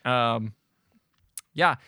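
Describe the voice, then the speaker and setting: A man's voice: mid-range voice, extremely slow, pushed and bright. A man co-hosting a casual podcast, recapping a film's plot and acting out the characters' lines with a laugh. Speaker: podcast co-host. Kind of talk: casual movie recap chat.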